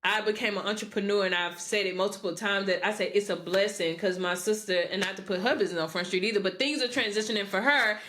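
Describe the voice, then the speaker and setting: Bright-voiced woman telling candid stories. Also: mid-range voice, fast talker, few pauses, a little hiss or hum. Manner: candid storytelling, laughs often, acts out quotes. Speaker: podcast co-host. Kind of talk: casual chat.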